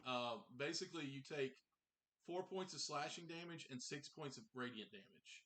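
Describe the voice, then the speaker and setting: A man's voice: a little high, animated, moderate pace, a bit bright. A man running a tabletop game as game master over a video call, often restarting and repeating words as he narrates.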